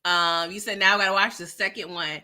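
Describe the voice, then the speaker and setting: A middle-aged woman, hosting a casual livestream chat and reading out viewer comments, animated and laughing often. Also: lowish voice, brisk.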